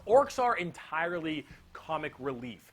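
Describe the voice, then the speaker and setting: A man with a voice pitched a bit above the usual male range, explaining things in loose, comedic fashion. He talks with bouncy energy and slips in casual swearing. The delivery stays playful and excited throughout. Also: normal speed. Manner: energetic, joking, swears freely. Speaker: explainer video narrator.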